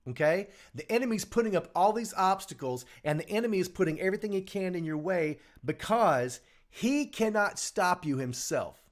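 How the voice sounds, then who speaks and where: A middle-aged man with a fairly high-pitched voice hosts a live show from a small home studio. He gives an earnest motivational talk and hammers home each key line by saying it again and again. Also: animated, normal speed, few pauses. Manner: earnest, emphatic, repeats key lines. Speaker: show host.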